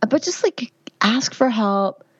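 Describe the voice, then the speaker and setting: A woman's voice: on the high side, expressive, takes it slowly, husky, no room sound. Chatty middle-aged woman, dry dull sound. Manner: earnest, chatty, frequent fillers and restarts. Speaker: midwife and guest. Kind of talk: conversational interview answers.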